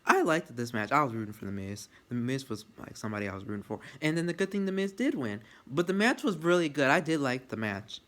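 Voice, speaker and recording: Man, casual wrestling reviewer, rambles and swears, gets loudly excited, mid-pitched voice. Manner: excitable, rambling, swears freely, restarts often.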